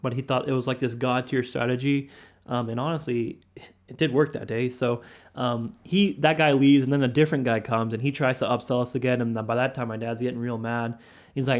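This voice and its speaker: A young man hosting a podcast, telling a personal story in a relaxed, slangy way and quoting the people in it. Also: mid-range voice, quick pace. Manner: laid-back, slangy, quotes others a lot. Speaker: podcast host. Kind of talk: casual storytelling.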